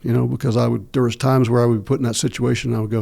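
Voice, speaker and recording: A middle-aged man, a podcast guest telling long stories slowly, with many fillers and restarts. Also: mid-range voice, level tone, creaky, dark tone. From United States. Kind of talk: long-form interview storytelling.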